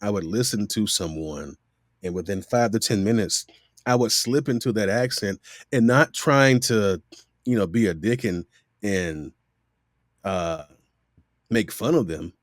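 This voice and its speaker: A man's voice: fairly low pitch, a little slow, pauses often, no room sound, clean studio sound. A middle-aged man from Miami, a voice actor guest telling stories in a casual interview and acting out the voices he quotes. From Miami, USA. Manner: animated storyteller who acts out quoted voices.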